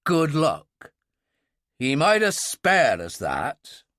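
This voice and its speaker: A man voicing a grim, reluctant older admiral who speaks in a measured, dry way. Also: mid-range voice, wildly swooping pitch, a bit bright, no echo.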